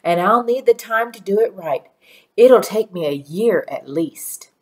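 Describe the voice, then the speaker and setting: A woman voicing a warm, proud elderly grandmother who speaks in a folksy dialect with slow, emphatic phrasing. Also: mid-range voice, expressive, lightly acted.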